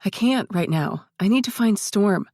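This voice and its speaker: Woman as panicked heroine, higher, shaky, stammering, dry close. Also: lively intonation, moderate pace, warm tone, dry recording. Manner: raised, shaky, stammering pleading.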